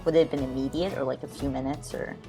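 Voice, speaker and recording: A woman's voice: extremely low pitch, steady tone, quick pace, warm tone, faint music behind. A woman playing a tabletop game, talking in a hesitant, apologetic, giggly way. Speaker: player. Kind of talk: casual tabletop play.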